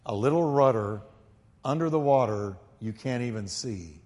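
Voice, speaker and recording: A male pastor preaching a sermon emphatically, swinging from quiet, low asides to loud, ringing peaks and calling on the congregation to repeat after him. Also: lively intonation, a little slow. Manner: calls on the congregation to repeat lines. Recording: long hall reverb.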